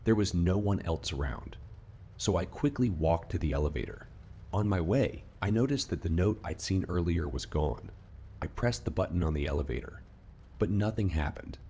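A man reading a scripted horror story in a steady, measured narrating voice. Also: deep voice, slight background noise. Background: faint rain ambience.

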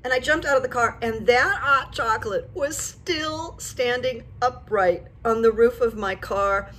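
An older woman talking casually to camera, telling stories in a chatty, animated way. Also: on the high side, a little slow. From United States. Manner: chatty, storytelling, animated when retelling. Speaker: vlogger and psychic coach.

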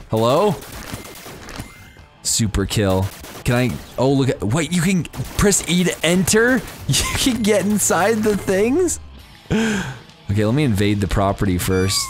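A young man talks through a game with a lively, swooping voice that leaps into squeals whenever something surprises him. Casual let's-play commentary over faint background music. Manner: giddy, squeals in high-pitched bursts. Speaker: gameplay commentator.

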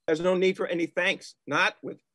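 A man's voice: high voice, fairly even intonation, normal speed, a bit bright. Man playing a repentant old miser, heartfelt. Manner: heartfelt, wry, self-deprecating. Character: reformed old male miser, now tender and repentant. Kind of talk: amateur online theatre.

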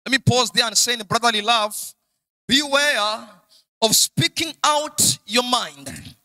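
Young Kenyan preacher, sing-song emphatic sermon delivery, a high, bright voice. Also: male voice, expressive, slow, low-quality recording. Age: young adult. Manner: sing-song, emphatic, repeats key lines.

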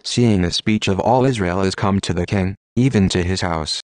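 A man reads old scripture aloud in a deep, low voice. His delivery is steady and measured, in the manner of an audiobook. The recording is dry and close, with no room sound. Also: no echo. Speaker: scripture reader.

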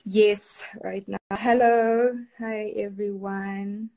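A woman's voice: medium pitch, little pitch movement, very slow, dark tone. A young woman from Kenya chatting casually on a live stream, reading viewers' comments aloud and laughing often.

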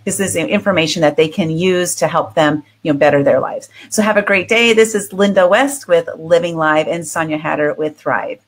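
A woman's voice: on the low side, normal speed, hardly any pauses, slightly rough. A woman in her fifties hosting an interview, chatting enthusiastically and laughing often. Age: 50s. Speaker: podcast host. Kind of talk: casual interview chat.

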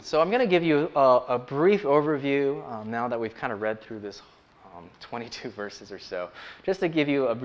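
A church elder giving a sermon, opening with a slow scripture reading, then talking in a relaxed way with many ums and uhs. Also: male voice, medium pitch. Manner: conversational, frequent ums and uhs.

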